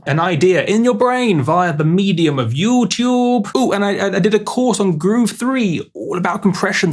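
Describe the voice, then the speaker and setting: A man's voice: fairly high pitch, slightly rough. A man explaining music production in a casual video tutorial, chatty, with jokey asides and restarts.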